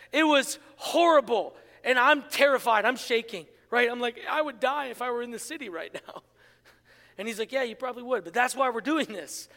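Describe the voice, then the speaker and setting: A middle-aged man from Pittsburgh preaching a sermon, telling a story with lively asides and frequent "right?" to the congregation. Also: very high voice. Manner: storytelling, animated, asks audience "right?". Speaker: pastor. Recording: hall with long reverb.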